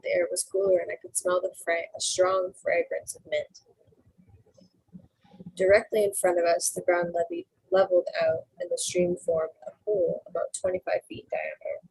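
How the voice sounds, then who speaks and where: A woman reading a novel aloud in an easygoing, unpolished way, tripping over words and correcting herself now and then. Her voice sits low and husky with a gravelly edge. The recording is close and dry, with no room sound. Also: little pitch movement, normal speed, a little mellow, low-quality recording. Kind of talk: casual read-aloud narration.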